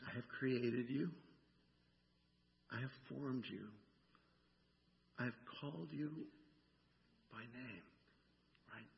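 A man's voice: medium pitch, takes it slowly, vocal fry, pauses often. A male pastor preaching a sermon in a conversational way, often asking "right?" and acting out the lines he quotes. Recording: dull sound with long hall reverb.

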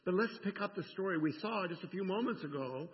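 A man pastor preaching a sermon in a conversational, animated way, often checking in with the congregation. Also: high voice, fast talker. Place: church sanctuary. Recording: dull sound with long church reverb.

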